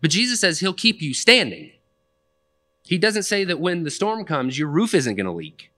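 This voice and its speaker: Bright-voiced casual young male preacher. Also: fairly high pitch, sing-song, normal speed. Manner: conversational, plainspoken preaching with casual asides. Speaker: pastor. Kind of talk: sermon.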